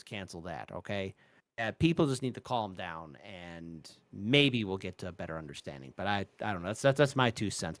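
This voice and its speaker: A man's voice: mid-range voice, a bit bright, no echo. A man guesting on a casual chat who speaks emphatically, gives advice and repeats words as he restarts.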